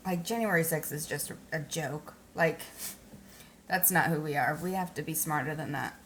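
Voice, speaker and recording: A woman's voice: deep voice, moderate pace, fairly bright tone, a little hiss or hum. A woman who just woke up, chatting casually on a livestream and ranting about news while greeting viewers. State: just woken up, sleepy. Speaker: livestream host.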